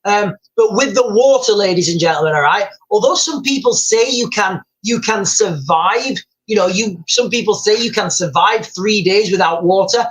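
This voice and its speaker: A man's voice: high voice, moderate pace, few pauses, a bit bright, poor audio. A middle-aged man hosting a casual live stream, telling rambling stories and calling his viewers guys, with many restarts.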